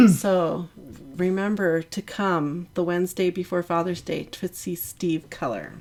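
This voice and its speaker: A woman hosting a live coloring stream from her art studio, chatty and giggly with drawn-out asides. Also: lowish voice, darkish tone. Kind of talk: casual live-stream chat while coloring.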